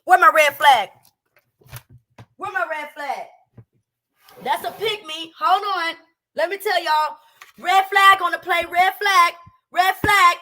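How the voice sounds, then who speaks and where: A woman's voice: extremely high pitch, takes it slowly, pauses often, pushed and bright. A woman doing casual reaction commentary at home, talking brash, profane and heated. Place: home, a townhouse. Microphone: streaming setup with speakers playing a clip.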